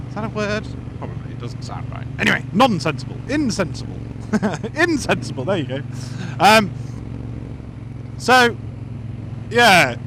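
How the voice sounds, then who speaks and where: A man, chatting casually to camera as a motorcycle vlogger, rambling, playful and self-mocking. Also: high voice. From England. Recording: loud road noise.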